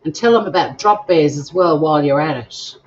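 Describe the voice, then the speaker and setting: A woman's voice: deep voice, a little fast, lo-fi sound. An Australian woman hosting a live cooking stream from her home kitchen, chatting to viewers in a bubbly way as she cooks. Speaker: cooking show host.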